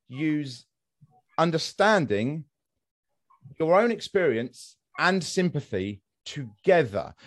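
A man in his thirties hosts a casual podcast, speaking a little higher than most men. He argues his views forcefully, often restarting and repeating words as he works his way through a point. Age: 30s. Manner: opinionated, argumentative, many restarts and repetitions. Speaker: podcast host.

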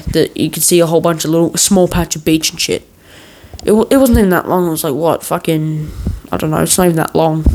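A man's voice: on the high side, rough recording. A man hosting a podcast, telling a long story in a meandering, joking way full of swearing and restarts. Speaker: podcast host. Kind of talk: rambling casual storytelling.

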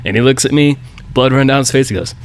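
A man's voice: medium pitch, fast, a little hiss or hum. A man hosting a podcast, telling job-site stories casually and swearing freely. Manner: swears freely, acts out quotes. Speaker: podcast host. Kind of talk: casual storytelling chat.

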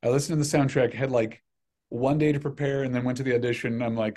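A middle-aged man chats easily as a podcast guest, his voice sitting in an ordinary middle range. He tells his stories in an animated, self-deprecating way, often restarting his sentences. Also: medium pitch, fairly quick. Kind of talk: casual chat.

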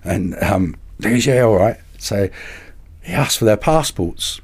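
A man, a podcast guest and carp angler, telling anecdotes in a lively way and acting out the voices of people in them. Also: lowish voice, unhurried, husky. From England. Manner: animated, acts out other people's voices in anecdotes. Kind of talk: casual storytelling.

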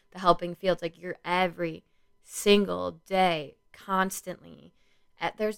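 Gravelly-voiced young woman rambling earnestly. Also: on the low side, fairly bright tone. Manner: rambling, earnest, many "like" and "you know" fillers. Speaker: school social worker, podcast host. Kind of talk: casual solo podcast monologue.

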